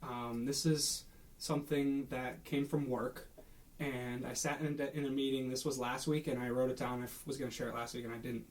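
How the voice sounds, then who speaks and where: A young man co-hosting a casual podcast at a middle pitch. He tells rambling, chatty stories and keeps restarting his sentences as he goes. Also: little pitch movement, normal speed. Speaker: podcast co-host. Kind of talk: casual chat.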